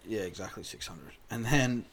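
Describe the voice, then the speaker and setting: A man's voice: lowish voice, expressive, moderate pace, creaky, slight background noise. An Australian man in casual podcast chat, rambling about his early-morning routine and cursing freely. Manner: rambling, swears freely, gets loud when riled.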